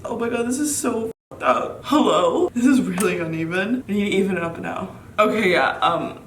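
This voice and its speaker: A woman's voice: mid-range voice, normal speed, slight background noise. Giggly nervous woman vlogging at home. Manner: nervous, giggly, exclaiming often. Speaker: beauty vlogger. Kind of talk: casual vlog chatter. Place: room at home. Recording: echoey room, mic a bit distant.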